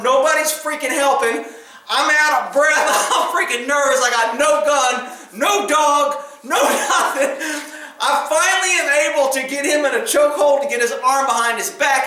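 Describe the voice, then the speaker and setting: A middle-aged man, a former police officer, casually telling a story, animated, laughing often and acting out loud quotes. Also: extremely high pitch, very echoey, low-quality recording.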